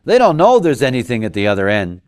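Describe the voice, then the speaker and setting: A man giving a lecture, talking in an animated way and acting out quoted voices. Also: medium pitch, quick pace, clean tone. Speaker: lecturer on human design.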